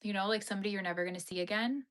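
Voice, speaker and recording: Bright-voiced Canadian woman chatting casually. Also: mid-range voice, very fast. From Yellowknife, Canada. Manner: chatty, uses "like" as a frequent filler, laughs easily. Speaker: knitting livestream host. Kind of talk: casual livestream chat answering viewer comments.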